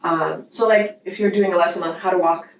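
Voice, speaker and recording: A woman guest explains child-rearing ideas in an animated, meandering way, circling back on herself as she talks. Her voice is on the low side. She sounds distant from the mic in a reverberant room with faint background noise. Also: brisk. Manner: animated, rambling with many fillers and restarts. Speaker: guest parenting educator. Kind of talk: casual conversational interview.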